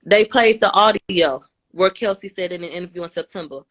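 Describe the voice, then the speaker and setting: A woman's voice: medium pitch, brisk, hardly any pauses, a bit bright. A woman on a phone live stream giving a casual recap of court testimony, speaking bluntly, swearing freely and acting out the quoted lines. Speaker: livestream commentator.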